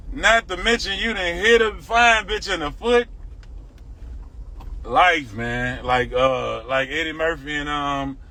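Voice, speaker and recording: A middle-aged livestream host with a Southern US accent from Houston rants bluntly and profanely on a phone stream in a casual way. His voice is on the high side, pushed and bright. Faint background noise can be heard.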